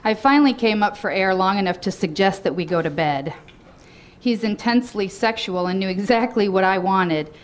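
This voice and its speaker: A woman's voice: medium pitch, moderate pace. A woman reading her own memoir aloud to a live audience in a bookstore, often breaking into laughter between lines. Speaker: guest reader at a book reading.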